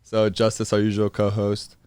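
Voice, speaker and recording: A young man in college hosting a podcast, chatting casually with energetic, slangy banter inside a truck. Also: lowish voice, normal speed, clear, resonant tone. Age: young adult. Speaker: podcast host. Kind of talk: casual chat.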